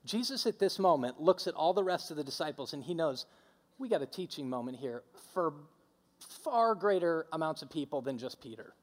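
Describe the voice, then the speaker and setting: Emphatic high-voiced male preacher. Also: animated, normal speed, long reverb tail. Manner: emphatic, repetitive preaching with audience call-and-response. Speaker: pastor. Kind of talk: sermon.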